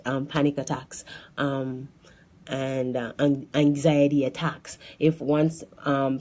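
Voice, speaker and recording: In a low voice, a woman shares a personal testimony with lively storytelling, often restarting her sentences and acting out what other people said.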